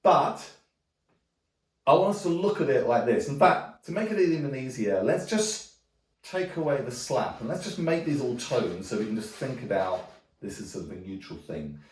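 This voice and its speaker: A man teaching djembe, explaining technique in a relaxed way and often checking in with a quick "okay?". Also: mid-range voice. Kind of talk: demonstrating drum technique. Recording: roomy sound from a distance. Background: djembe drumming.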